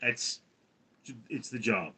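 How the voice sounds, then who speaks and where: An American man hosting a livestream in a casual chat, reading viewer comments aloud and answering them in a rambling, halting way. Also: fairly low pitch, expressive, sharp tone, slightly rough. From United States. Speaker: livestream host.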